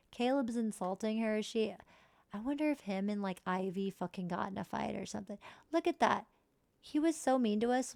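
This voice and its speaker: Young woman game streamer, casual and profane; a bit of fry, dry booth-like sound. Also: medium pitch, a little mellow, no room sound. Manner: chatty, swearing, narrates game characters. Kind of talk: casual gameplay commentary.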